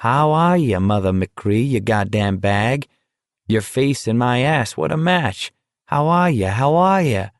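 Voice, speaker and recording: A foul-mouthed teenage boy with a flat Midwestern accent, sneering and cursing with a mocking grin in his voice, as a male narrator puts him on. The read is slow and dry. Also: medium pitch, dry recording. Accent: flat Midwestern American.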